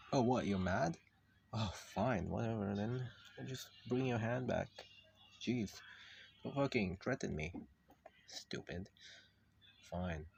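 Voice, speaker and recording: Male creator, casual drawing commentary, unhurried, foul-mouthed, teasing and scolding his character. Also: fairly low pitch, a little hiss or hum. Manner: profane, mock-scolding, talks to his drawn character. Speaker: video creator drawing on screen.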